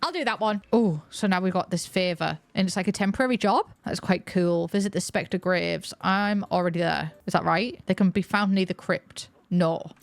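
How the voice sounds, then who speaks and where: A woman giving chatty, excitable let's-play commentary, thinking aloud as she plays. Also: fairly low pitch, normal speed, gravelly, hardly any pauses, no room sound. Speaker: gaming video creator.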